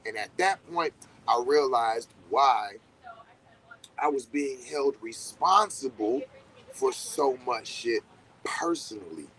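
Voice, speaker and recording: A man talks in a loose, rambling way and swears casually. He acts out little reactions as he goes, at a medium pitch. Faint traffic and street noise sit in the background. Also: big pitch swings, slow, a bit bright, low-quality recording. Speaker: podcast host. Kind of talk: casual spiritual talk.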